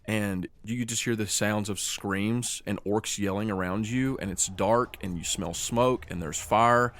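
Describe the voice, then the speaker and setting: Low-voiced man running a tabletop game. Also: fairly even intonation, a bit bright. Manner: slows down for dramatic scene narration. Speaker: game master.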